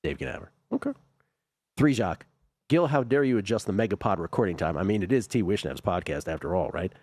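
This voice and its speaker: A man hosting a sports radio talk show, reading listener messages aloud and adding quick remarks. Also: lowish voice, animated, a little mellow, breathy edge, dry recording, clean studio sound. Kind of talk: casual talk show banter.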